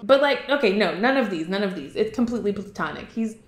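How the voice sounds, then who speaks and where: A woman casually recapping a movie, animated and quick to mimic the characters. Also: medium pitch, soft background music. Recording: roomy echo.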